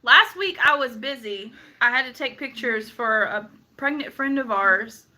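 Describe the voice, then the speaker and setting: A playful woman banters casually with her friend on a livestream, laughing often as she acts out her own reactions. Her voice is high and very bright, with a crisp, sharp edge. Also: measured pace, slight background noise. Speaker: co-host of a livestream chat. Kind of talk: casual chat.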